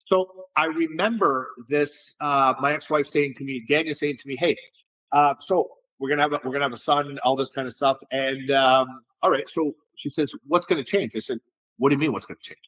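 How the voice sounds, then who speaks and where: Speaking at a moderate pace with a medium-pitched voice, a middle-aged businessman being interviewed relates stories in a loose, lively manner. He frequently restarts sentences, repeating words as he does.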